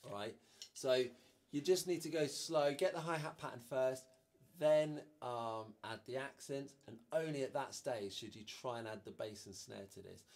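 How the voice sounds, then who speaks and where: A man's voice: medium pitch, moderate pace, a little mellow. Man teaching drums, counting beats aloud. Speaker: drum teacher. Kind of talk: instructional drum lesson.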